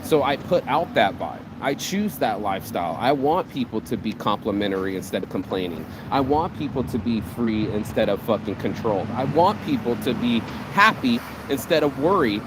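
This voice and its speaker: A man rants about lifestyle and energy in a loose, rambling way, swearing freely and jumping between thoughts. His voice sits at an ordinary middle pitch. Street traffic is clearly heard behind him outdoors. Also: moderate pace, few pauses. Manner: animated, profane, rambling. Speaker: vlog host. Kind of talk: casual motivational rant.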